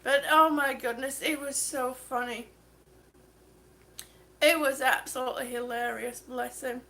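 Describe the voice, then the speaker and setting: Woman on oxygen, livestream host; slow, chatty storyteller with a high, bright voice. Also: fairly even intonation. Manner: chatty storyteller, laughs often. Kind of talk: casual chat, reading viewer comments.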